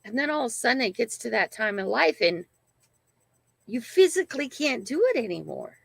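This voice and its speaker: Older woman host, gravelly, dry close sound, rambling emphatic storyteller. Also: on the high side, sing-song, brisk, no room sound. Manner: rambling, emphatic, frequent "right?" and "okay?". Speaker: channel host. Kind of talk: casual livestream storytelling.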